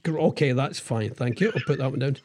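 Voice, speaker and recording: A man's voice: medium pitch, fairly quick, a little mellow. A man co-hosting a casual chat, hesitant, with many fillers and stammered restarts. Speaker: podcast co-host, former radio presenter.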